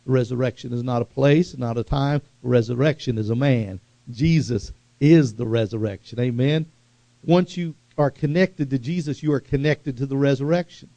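A male preacher delivers a fervent sermon, his gravelly voice swinging into sudden loud bursts. The recording is dry and a little muffled, with no room sound. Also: mid-range voice, moderate pace, dry recording.

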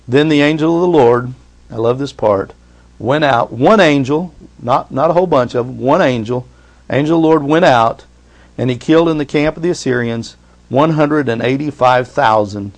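A man's voice: mid-range voice, moderate pace. A middle-aged man preaches with emphatic, rising delivery, reading scripture aloud as a pastor. He keeps turning to the congregation with short questions as he goes. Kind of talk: sermon.

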